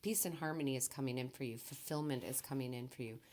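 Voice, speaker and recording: A tearful woman reads tarot in a very deep, low voice. She speaks softly and gently, reassuring her listeners and checking in with them often. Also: fast talker, slight background noise. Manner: soft-spoken, emotional, reassuring, says okay often. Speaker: tarot reader. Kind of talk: emotional tarot reading.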